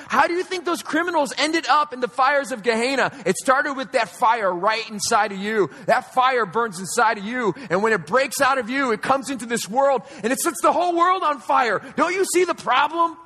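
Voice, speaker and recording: A male pastor preaches with a very high, bright and forceful voice. He presses his listeners with repeated questions, rising to urgent peaks and dropping to near hushes. The sound carries the long reverb of a large church hall. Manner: impassioned preaching, repeated rhetorical questions, swings from loud to hushed. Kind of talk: sermon. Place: church auditorium.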